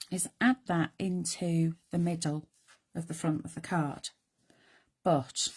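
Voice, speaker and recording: A middle-aged woman hosts a live craft demonstration, chatting and poking fun at herself as she thinks aloud over her work. Her voice sits low with a darkish tone and is turning croaky.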